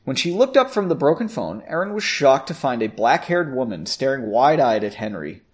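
A man's voice: medium pitch, sing-song, moderate pace. A man casually reading a fantasy story aloud, fixing slips and poking fun at the clumsy writing. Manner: self-correcting, mocks the text. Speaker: reader. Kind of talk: casual fiction read-aloud.

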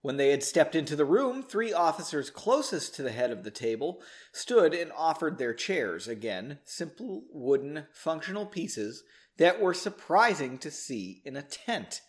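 A man's voice: fairly high pitch, sing-song, a little slow. A man casually reading his own story aloud, breaking off often for self-mocking, joking asides and a bit tipsy from drinking. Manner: self-mocking, chatty asides, laughs between passages. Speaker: reader of his own book.

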